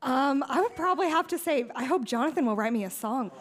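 A woman's voice: high voice, lively intonation, fast talker, background noise. A woman quiz contestant, giggly and self-deprecating as she answers.

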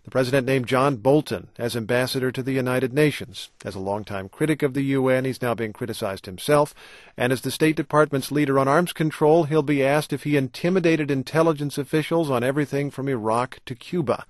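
A male news anchor reads his lead-in smoothly at a mid pitch. His voice is close and dry with no room sound. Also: a little fast, dry recording. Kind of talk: scripted news introduction.

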